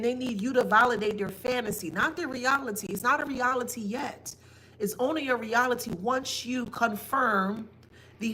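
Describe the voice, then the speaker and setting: Woman, higher than average pitch, blunt and emphatic, casual spiritual reader, faint hiss behind her. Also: pushed and bright. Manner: emphatic and blunt, with mocking asides. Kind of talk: casual spiritual reading to viewers.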